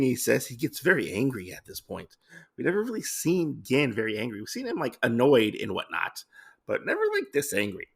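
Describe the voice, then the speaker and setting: A man's voice: medium pitch, sing-song, moderate pace, vocal fry, fairly bright tone. A man casually recapping a comic story, rambling with lots of fillers and restarts. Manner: rambling with many fillers and restarts, reads lines in loose voices. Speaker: podcast host recapping a comic.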